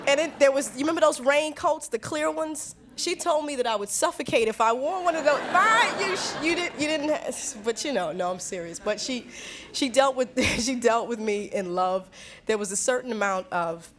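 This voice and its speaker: A young woman answering students' questions in a candid talk, animated and laughing, acting out quotes as she tells stories. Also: high voice, normal speed, a little hiss or hum. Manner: animated storytelling, acts out quotes; warm, frequent laughs and restarts.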